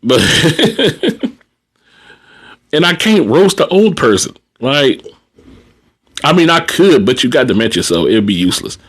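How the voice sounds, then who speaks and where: A man's voice: medium pitch, sing-song, moderate pace. A man, a nursing assistant telling funny work stories on a casual livestream, laughing often and talking in slang.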